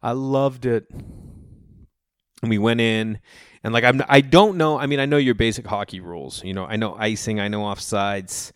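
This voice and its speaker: A man from the Boston area telling rambling casual stories, jumping into animated voices for the people he quotes. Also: fairly low pitch, normal speed, clear, resonant tone, no echo, clean studio sound. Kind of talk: casual storytelling monologue.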